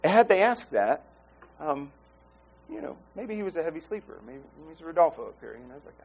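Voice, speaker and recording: A man preaching to his congregation in a somewhat high voice. He is animated and expressive, slipping into the voices of the figures he quotes. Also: brisk, slightly rough. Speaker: pastor. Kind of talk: sermon.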